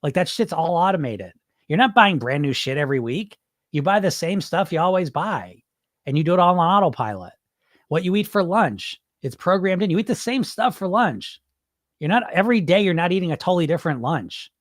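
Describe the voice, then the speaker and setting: A man's voice: high voice, expressive, fairly quick, dry recording, clean studio sound. A man hosting a weight loss podcast, talking casually and bluntly to his listeners, with the odd swear word and plenty of restarts. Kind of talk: casual live-stream talk.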